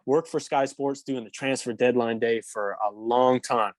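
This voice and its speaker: A man's voice: mid-range voice, steady tone, measured pace, over a noisy crowd. A young man, a former pro hockey player from England, telling a story as a podcast guest in a rambling way full of fillers. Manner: rambling, lots of "like" fillers, laughs mid-story. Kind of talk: casual storytelling.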